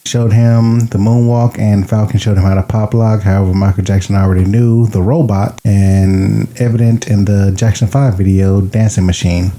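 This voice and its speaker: Man, podcast co-host, low pitch, very dark heavy tone, hesitant, casual. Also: fairly even intonation, normal speed, hardly any pauses. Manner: hesitant, trails off, restarts. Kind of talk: casual movie podcast chat.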